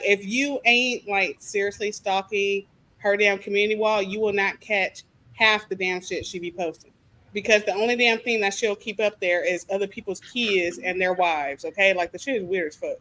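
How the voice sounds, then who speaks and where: A woman's voice: medium pitch, steady tone, a bit bright. A woman guest on a casual panel chat, ranting with plenty of cursing. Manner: profane, fast rant.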